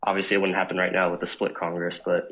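A man's voice: deep voice, monotone, fast, a bit bright, rough recording. A man calling in to a talk show, asking questions politely and a bit awkwardly. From North Carolina, US. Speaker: caller. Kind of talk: casual call-in question.

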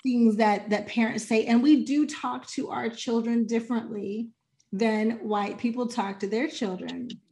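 A woman's voice: on the high side, steady tone, measured pace, mellow, a little hiss or hum. A woman hosting a podcast, casual and outspoken, joking with her guests. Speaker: podcast host. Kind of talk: casual chat.

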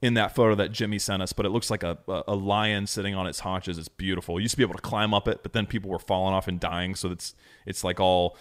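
A man's voice: sits low, steady tone, quick pace. A man co-hosting a casual podcast chat, talking enthusiastically and rambling with lots of fillers. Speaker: podcast co-host.

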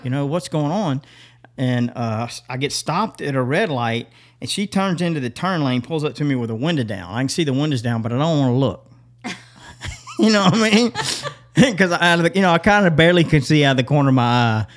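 A man, co-hosting a podcast, telling stories in a lively way, laughing often and acting out what people said. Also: a little high, brisk. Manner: animated, laughs often, acts out quotes. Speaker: podcast co-host. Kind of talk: casual storytelling chat.

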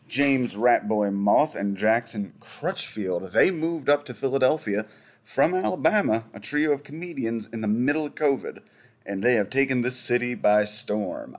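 A man hosting a casual podcast, joking and rambling, who corrects himself mid-sentence and slips into a slight Southern inflection. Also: fairly low pitch. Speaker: podcast host.

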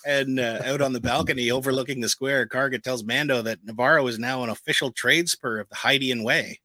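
A man co-hosting a podcast, reading a plot recap in a steady narrating tone with quick casual asides. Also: mid-range voice, no echo, poor audio. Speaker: podcast co-host recapping an episode.

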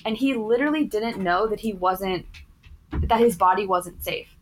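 Here a woman in her thirties, a yoga teacher in recovery from addiction, tells personal work stories during an interview, sincere and heavy on "like" fillers. She speaks at a moderate pace in a mid-range voice, with slight background noise on a low-quality recording.

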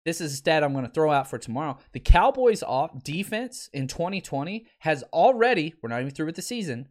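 A man's voice: fairly high pitch, big pitch swings, fairly quick. A man in his thirties hosting a casual sports podcast, wry and exasperated, laughing often as he talks. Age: 30s.

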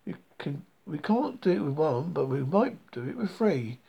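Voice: medium pitch, very animated, normal speed, vocal fry, husky, highs cut off, exaggerated voice. A reader voicing a caring mother mole in a rhyming children's story, motherly and coaxing. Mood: kind.

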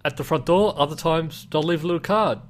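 A man's voice: a little high, brisk. An Australian man co-hosting a podcast in casual chat, giving dry, matter-of-fact remarks. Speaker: podcast co-host.

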